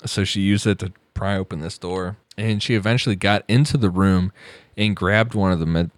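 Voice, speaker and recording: A man's voice: deep voice, no echo. A man casually narrating a true crime story on a podcast, laughing often as he goes. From United States.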